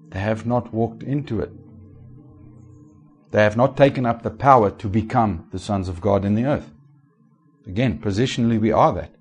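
A man preaching a sermon as pastor, asking the congregation rhetorical questions and swinging between raised and hushed delivery. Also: on the low side, moderate pace, husky.

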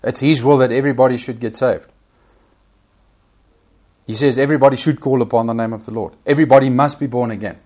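A man's voice: medium pitch, fairly even intonation, fast talker, long pauses, a little mellow. A man preaching a sermon, emphatic, repeating key phrases and rising sharply when he quotes scripture.

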